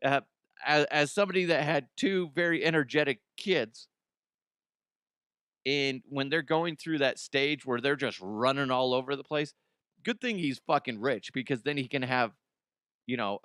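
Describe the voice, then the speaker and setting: A man's voice: medium pitch, moderate pace, bright, forceful tone, clean tone, no room sound, clean studio sound. A man hosting a comedic news show, rambling bluntly through headlines, swearing and laughing at his own jokes. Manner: casual, blunt, frequent restarts. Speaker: host.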